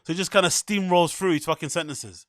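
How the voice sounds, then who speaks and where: A man's voice: a little high, fast talker, fairly bright tone, no room sound, clean studio sound. A man hosting a livestream, reacting to clips with casual, profane commentary and frequent laughter. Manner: swears often, laughs a lot, incredulous mocking. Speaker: podcast host.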